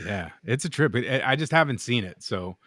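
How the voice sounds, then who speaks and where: A knifemaker co-hosts a podcast in a medium-pitched, expressive voice with a fairly bright tone and moderate pace. The clean studio recording is dry, and he rambles through anecdotes, swears, and acts out others' quotes.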